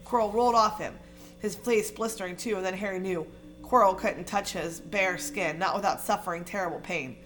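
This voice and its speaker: A woman narrating a fantasy novel aloud in an expressive, dramatic reading style. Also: medium pitch, normal speed, soft background music. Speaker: audiobook reader. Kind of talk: storybook reading.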